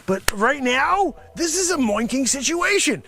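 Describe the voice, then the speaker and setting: A man improvising a comedy sketch as a brash, sarcastic pitchman. He rambles through a mock pitch, drops mumbled asides and then bursts into shouting. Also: sing-song, unhurried, creaky. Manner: swings between mumbled asides and sudden shouted outbursts. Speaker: comedy show host pitching a mock product.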